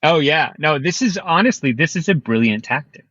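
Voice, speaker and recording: A man's voice: fairly high pitch, moderate pace, breathy edge, dry recording, highs cut off. Chatty man explaining security hacks. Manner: animated explainer, laughs often. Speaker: security expert. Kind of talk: casual panel chat.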